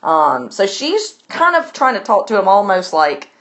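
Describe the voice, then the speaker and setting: A woman's voice: mid-range voice, big pitch swings, unhurried, a bit bright, highs cut off. A woman teaching a literature class, summarizing a novel in a casual, chatty way with plenty of fillers. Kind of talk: recorded lesson summarizing a novel.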